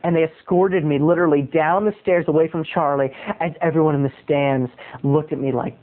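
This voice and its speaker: A man telling a comic story as a show host in a theatrical way, his voice often jumping up into high squeaks. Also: steady tone, a little fast, hardly any pauses. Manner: theatrical, with sudden high squeaky jumps in pitch. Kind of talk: comedic storytelling monologue. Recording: tinny lo-fi tape recording.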